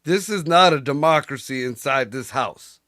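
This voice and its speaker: A man's voice: mid-range voice, expressive, moderate pace, a bit bright, dry recording, clean studio sound. A father chatting casually on a podcast, blunt and profane, often laughing. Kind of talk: casual chat.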